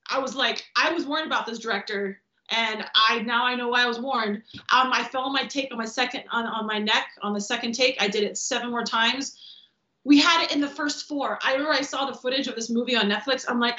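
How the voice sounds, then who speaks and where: Animated woman telling stunt stories. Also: on the high side. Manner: animated, acts out quotes, swears freely. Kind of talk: casual podcast storytelling. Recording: roomy, dull lo-fi podcast audio.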